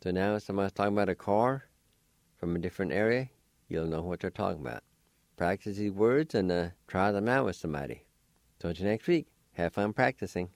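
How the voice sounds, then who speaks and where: A man hosting a language lesson, slowly spelling out letters and sounding out syllables for listeners. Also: low-pitched, dry recording, clean studio sound. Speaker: language teacher and show host.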